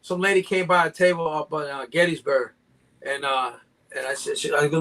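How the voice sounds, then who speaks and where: A man's voice: on the high side, steady tone, brisk, sharp tone. An older man from Mexico, a guest breeder, telling joking stories in casual live chat and acting out his sales banter.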